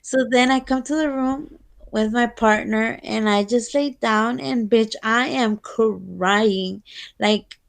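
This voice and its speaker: Slow, gravelly Latina podcast co-host. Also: female voice, fairly high pitch. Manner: candid, profane, switches into Spanish. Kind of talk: casual chat.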